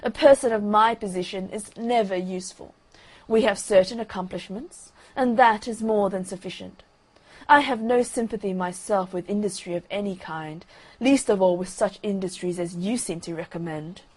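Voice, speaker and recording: A woman voicing a vain, haughty male firework rocket in a bedtime story reading, pompous and loudly declaiming. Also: medium pitch, normal speed, vocal fry. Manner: pompous, self-admiring, loud declaiming.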